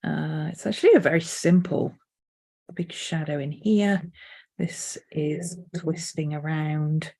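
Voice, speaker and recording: A woman artist thinking aloud as she sketches, unhurried, now and then cooing to her dog. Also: deep voice, creaky, mellow. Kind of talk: casual art vlog narration. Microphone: desk mic.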